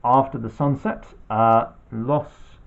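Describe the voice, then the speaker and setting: Gravelly-voiced man listing his collection. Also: medium pitch, fairly even intonation, slow pace. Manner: matter-of-fact, listing items one by one. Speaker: collector showing his video shelf. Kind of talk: casual home-video chat. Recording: tinny phone-like home recording.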